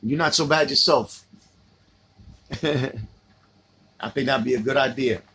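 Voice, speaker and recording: A man's voice: medium pitch, a little slow, a bit bright, breathy edge. A middle-aged man with a New York accent, chatting casually on a livestream, reminiscing about old friends and answering viewer comments.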